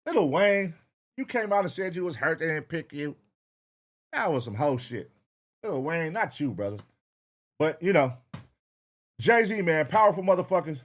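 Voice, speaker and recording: A man's voice: a little high, very animated, normal speed, pauses often, slight background noise. A man hosting a reaction show, talking casually and profanely straight to his viewers.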